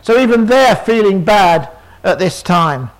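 High-voiced preacher retelling a story. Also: male voice, expressive, measured pace, low-quality recording. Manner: dramatic storytelling, many rhetorical questions. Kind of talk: sermon.

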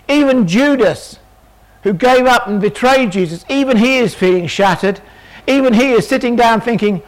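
A male preacher with a notably high voice retells a story dramatically. He keeps turning to the listeners with rhetorical questions. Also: normal speed, low-quality recording. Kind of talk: sermon.

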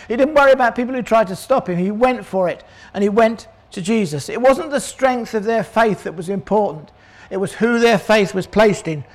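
An older man preaching a sermon, animated, acting out the voices of people in the story. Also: high voice. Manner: animated, acts out voices of crowd and characters.

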